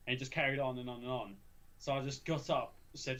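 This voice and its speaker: A man's voice: medium pitch, level tone, fast, fairly bright tone, dull audio. Young man, rambling and sweary. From England. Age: young adult. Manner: swearing, rambling storytelling with many restarts. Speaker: podcast co-host. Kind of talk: casual chat.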